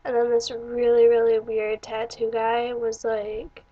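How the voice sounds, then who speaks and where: A woman's voice: fairly high pitch, monotone, unhurried, warm tone, highs cut off. A young woman vlogger telling stories casually, rambling with many fillers and restarts. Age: young adult. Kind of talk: casual storytelling vlog.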